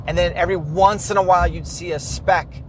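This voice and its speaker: A man's voice: sits high, a little fast, slight background noise. A man casually retelling a hunting trip, acting out quoted dialogue. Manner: lively, acts out quoted dialogue. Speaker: hunter telling a hunting story. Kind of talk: casual storytelling chat.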